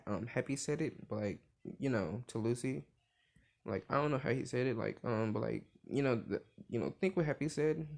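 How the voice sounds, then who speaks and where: A young man drawls through a made-up cartoon crossover, rambling and stopping on fillers. His voice is gravelly and creaky at a slow, unhurried pace. He swears casually as he goes. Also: medium pitch. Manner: rambling, full of "like" fillers, profane.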